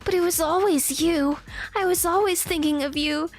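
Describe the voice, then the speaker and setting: A woman playing a young male vampire, earnest and lovesick, who pleads and half-sobs through his lines. The pitch sits high, and soft music plays quietly behind. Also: moderate pace. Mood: pleading. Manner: sobbing, laughing through tears.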